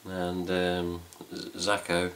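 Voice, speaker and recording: Deep-voiced, chatty middle-aged Englishman. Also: monotone, slow pace, a bit bright, slight background noise. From England. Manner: rambling, chatty, swears casually. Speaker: fan site host. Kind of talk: casual chat to camera. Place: home room with cats.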